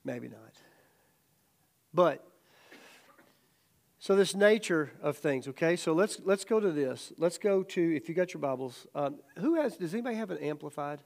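A middle-aged man teaching a casual Bible study as a sermon, telling stories animatedly and acting out quotes loudly. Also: on the high side, expressive, normal speed, vocal fry, pauses often.

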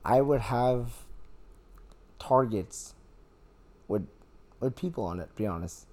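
A man's voice: mid-range voice, lively intonation, takes it slowly, mellow. A man chatting casually as a podcast guest, joking around in a goofy, playful way. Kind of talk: casual chat.

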